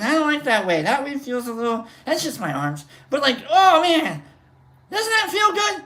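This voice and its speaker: Bright, rambling livestream host. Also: big pitch swings, normal speed. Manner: rambling and goofy, with many fillers and big swings in pitch. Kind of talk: casual live-stream chat with viewer shoutouts.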